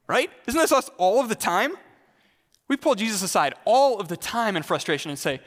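A man's voice: high-pitched, lively intonation, fairly quick, a bit bright, long reverb tail. A male pastor preaching a sermon in a conversational way, putting questions straight to the congregation.

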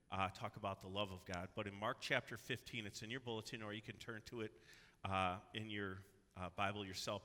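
A man preaching a sermon as pastor, earnest and building to loud, emphatic cries. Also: on the low side. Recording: long hall reverb.

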